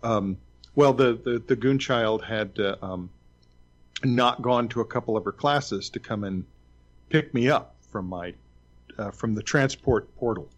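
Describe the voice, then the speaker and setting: A man's voice: mid-range voice, measured pace, dull audio. Hesitant, wry storytelling man. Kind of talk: casual chat.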